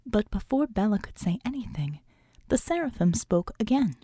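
A woman narrating an audiobook in a measured storytelling manner that often drops to a hush. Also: mid-range voice, very animated, slightly rough, no room sound, clean studio sound. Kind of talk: scripted narration.

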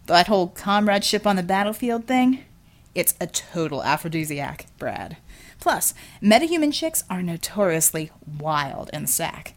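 A woman's voice: fairly low pitch, big pitch swings, moderate pace. A woman voicing a cocky, scheming male superhero who talks with brash, teasing salesman patter. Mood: smooth salesman.

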